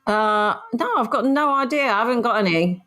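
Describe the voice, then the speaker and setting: A woman's voice: on the high side, lively intonation, normal speed, a bit bright. A middle-aged woman co-hosting a casual podcast chat, laughing often and arguing playfully. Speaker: podcast co-host. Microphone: home podcast microphone.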